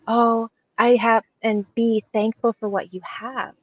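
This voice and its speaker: Woman guest, mid-pitch, earnest and reflective, on dry, slightly muffled audio. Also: level tone, a little slow, dry recording. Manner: earnest and reflective, quoting herself. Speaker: podcast guest. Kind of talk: casual interview chat.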